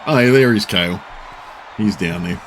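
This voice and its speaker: A man talks casually on a live stream, wandering from thought to thought with plenty of ums and the odd swear word. His voice sits a bit low. A faint hum lingers behind him. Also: normal speed. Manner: rambling, swears casually, many fillers.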